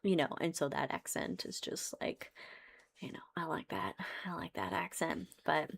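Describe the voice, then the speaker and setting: A woman's voice: low voice, animated, normal speed, vocal fry. A woman co-hosting a podcast in casual chat, laughing often and trailing off mid-sentence. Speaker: podcast co-host.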